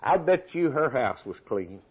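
A man's voice: mid-range voice, very animated, a little slow, breathy edge, poor audio. A man preaching a sermon, emphatic and repetitive, asking the congregation rhetorical questions.

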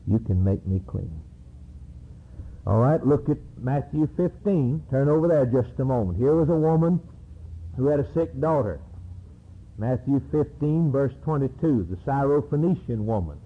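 Husky-voiced preacher man, tinny recording. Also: medium pitch, expressive, normal speed. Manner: dramatic, emphatic preaching that acts out scripture cries. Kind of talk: sermon.

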